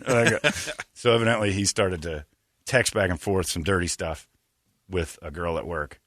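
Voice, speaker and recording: Male podcast host, bright animated delivery, dry close sound, slips into mocking voices. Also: sits low, moderate pace, no room sound. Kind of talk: casual chat.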